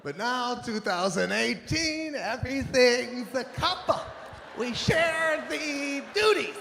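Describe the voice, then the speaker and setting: High-voiced, animated stand-up comedian. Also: male voice, slow pace, creaky. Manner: animated, acting out family members in loud bursts. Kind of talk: stand-up routine. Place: theater stage. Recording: live show in a large reverberant venue with crowd noise.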